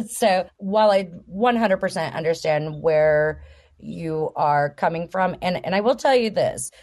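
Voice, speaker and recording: Middle-aged woman podcast host, lowish voice. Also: a little mellow. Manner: reads verses slowly, tells jokes at length. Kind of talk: casual podcast chat.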